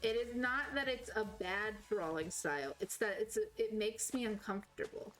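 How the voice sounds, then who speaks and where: Faint music plays behind a low-quality recording of a woman game streamer who chats casually as she plays. She has a slight Southern US accent and a mid-range, slightly bright voice at a moderate pace, and she rambles, self-corrects, and keeps up the chatter.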